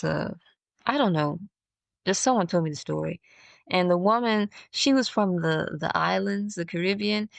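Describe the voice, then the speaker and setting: Woman, podcast host, reflective monologue, thinking out loud, fairly low voice. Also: vocal fry, no room sound. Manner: thinks out loud, halting and searching for words.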